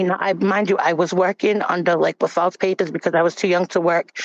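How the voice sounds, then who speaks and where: A woman's voice: fairly low pitch, fairly even intonation, brisk. A woman giving a candid, blunt personal testimony as a panel guest. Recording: dull, dry recording.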